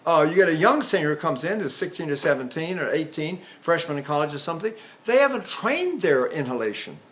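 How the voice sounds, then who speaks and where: A voice teacher, an older man whose speaking voice is notably high for a man, gives a rambling lecture on vocal technique and repeatedly stops to demonstrate sounds and exercises. He speaks a little fast in a sing-song, fairly bright tone, with a bit of hiss or hum in the recording.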